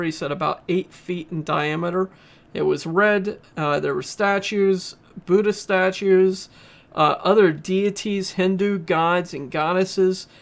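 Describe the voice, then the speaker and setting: A man's voice: high voice, gravelly. A man reviewing a podcast, earnestly retelling a story in a casual way with frequent filler sounds. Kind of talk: casual spoken retelling and commentary.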